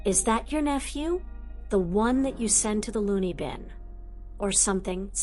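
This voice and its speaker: A woman's voice: medium pitch, animated, moderate pace, a little mellow, soft background music, lightly acted. A woman voicing a nosy neighbour calling across the street in an audiobook, prying and curious.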